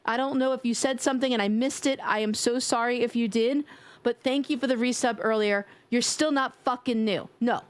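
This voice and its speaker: A woman's voice: on the high side, steady tone, fairly quick. A young woman with a New York accent, chatting playfully on a live stream, joking, swearing and laughing often. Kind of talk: casual live-stream chat.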